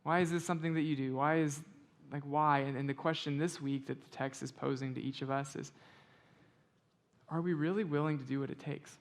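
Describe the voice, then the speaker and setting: A man in the pulpit with a fairly high voice, talking through his sermon in a loose, conversational way. He reads scripture slowly and softly, then pushes louder and more emphatic as he drives a point home. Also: steady tone. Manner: conversational preaching, building to loud emphatic stretches. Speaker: pastor.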